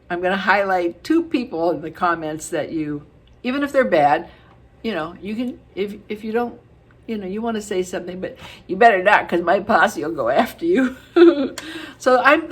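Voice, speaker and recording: A middle-aged woman vlogging to her viewers in a casual, chatty and affectionate way, with many fillers. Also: on the low side. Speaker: beauty vlogger. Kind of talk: casual chat to camera.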